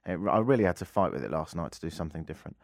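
A man's voice: deep voice, expressive, racing, darkish tone, no echo. A man hosting a comedic talk radio show, telling rambling self-deprecating anecdotes on a studio mic. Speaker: radio host. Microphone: studio microphone.

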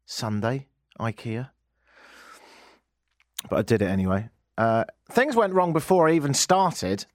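A man hosting a radio show, telling a joking story in an animated way from a studio. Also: medium pitch, a little slow, pauses often, no echo. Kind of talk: comic radio monologue.

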